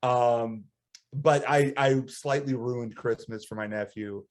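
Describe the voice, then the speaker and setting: A man on a casual podcast, telling a story with plenty of energy. He swings up into high-pitched laughter as he goes, and his voice sits at a middle pitch. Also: fairly even intonation, slow pace. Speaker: podcast co-host.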